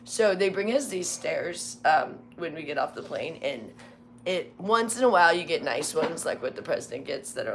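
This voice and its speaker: Rambling woman, lower voice. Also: expressive, normal speed, a little hiss or hum. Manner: rambling, many "like"s, acts out quotes. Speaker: former military flight scheduler. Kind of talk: casual storytelling chat.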